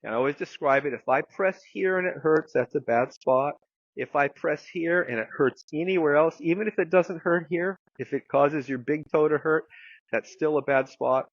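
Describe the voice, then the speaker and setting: Gravelly guy telling a story in a dry room, lots of likes and you-knows. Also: fairly high pitch, moderate pace, dry recording, lo-fi sound. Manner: rambling anecdote with many fillers and some swearing. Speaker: guest therapist. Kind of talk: casual storytelling.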